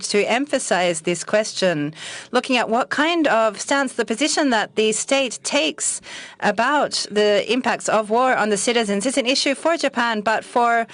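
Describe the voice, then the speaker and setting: A woman interpreting consecutively at a press conference, careful and halting, correcting herself as she goes. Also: fairly high pitch, dry recording.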